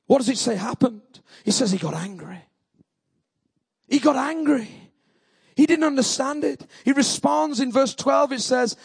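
A male preacher delivering an impassioned sermon, repeating phrases and asking the congregation questions, with a husky voice. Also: very high-pitched, a little slow, no room sound.

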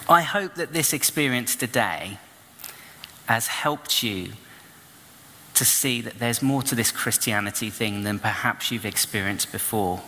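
Male preacher, bright forceful voice, animated storyteller, reverberant church hall. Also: medium pitch, a little hiss or hum. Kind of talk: storytelling sermon.

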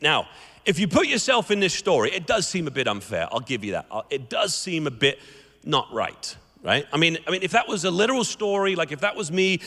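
A man preaching a sermon, his voice high and bright as he tells stories and acts out the characters. He speaks in a church sanctuary with a long, echoing reverb. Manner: animated storytelling, acts out the characters. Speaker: guest preacher. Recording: echoey hall reverb.

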